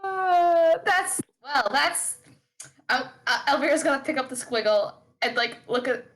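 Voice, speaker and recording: A woman's voice: sits high, unhurried, a bit bright. A woman playing a tabletop game, hesitant and giggly, with frequent fillers.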